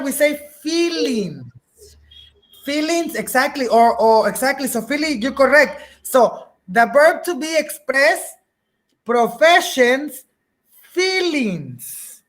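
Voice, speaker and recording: A woman's voice: high voice, big pitch swings, takes it slowly. A woman teaching a beginner English class, patiently repeating words, checking that students follow, and slipping into Spanish now and then.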